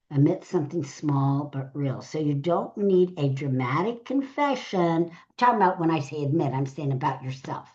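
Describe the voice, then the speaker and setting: A woman's voice: deep voice, expressive, moderate pace, warm tone, highs cut off. A middle-aged woman, a speaker trainer, teaching a live session, going through numbered tips and repeating each key phrase.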